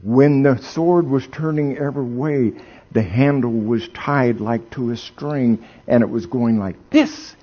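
A man preaching a sermon, swinging from hushed storytelling to loud, exclaiming emphasis, and asking the audience questions. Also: medium pitch, unhurried, husky, dull audio.

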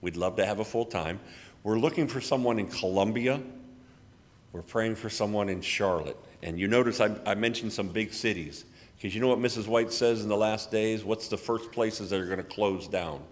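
A man's voice: lowish voice, normal speed. A man giving church announcements and a sermon, chatty and folksy. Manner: folksy, chatty, tells anecdotes with acted quotes. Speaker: literature ministry speaker. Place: church hall. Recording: long hall reverb.

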